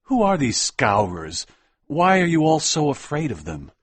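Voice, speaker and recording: Storybook hero: calm young man, husky, lively intonation, voiced by a male reader. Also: fairly high pitch, measured pace, no room sound, heavily acted. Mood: puzzled. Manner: calm, confident. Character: bold young male newcomer. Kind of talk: storybook reading for English learners.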